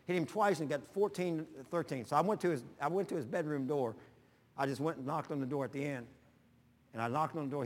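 A man pastor preaching through folksy personal stories, animated and prone to sudden loud bursts. His voice sits fairly high. The long reverb of a large hall trails each phrase.

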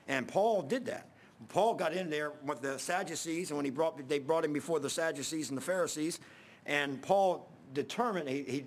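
A man's voice: on the high side, a little hiss or hum. A man preaching a sermon, telling a story in a casual, conversational way with many restarts.

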